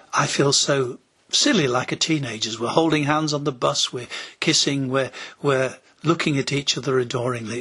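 A man's voice: medium pitch, a bit bright, breathy edge. A man preaching a sermon as a pastor, telling stories and acting out quoted voices, sometimes dropping to a whisper.

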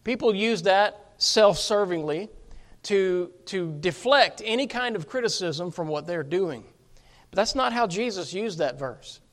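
A man's voice: high-pitched, expressive, a little slow. A man preaching a sermon as pastor, emphatic, often asking his congregation rhetorical questions.

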